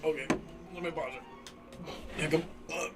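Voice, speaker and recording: A man's voice: fairly high pitch, fairly even intonation, measured pace, recorded from a distance, music in the background. A man making joking side comments while playing a video game with friends. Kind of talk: casual chat.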